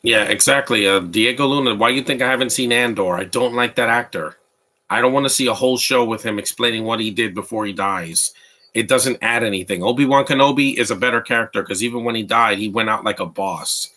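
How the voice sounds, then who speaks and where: A man's voice: mid-range voice, a little fast, pushed and bright. A man giving casual live commentary on a movie, rambling and opinionated as he answers his chat. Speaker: live watch-along commentator.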